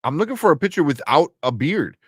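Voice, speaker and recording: A man's voice: fairly high pitch, sing-song, fast talker, breathy edge, no echo, studio quality. A man co-hosting a live entertainment news show, chatting casually and laughing as he reads out viewer comments. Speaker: podcast co-host. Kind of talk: casual chat.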